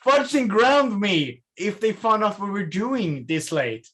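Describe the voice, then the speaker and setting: A man playing a kid in a tabletop game, talking in an excitable, flustered way. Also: high-pitched, takes it slowly. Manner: excitable, flustered, rising to shouts. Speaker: player.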